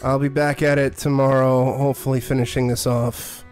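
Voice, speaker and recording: A man's voice: mid-range voice, little pitch movement, moderate pace, darkish tone, soft background music. A man streaming a horror game, commenting in a profane, sarcastic and irritated way. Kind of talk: live gameplay commentary.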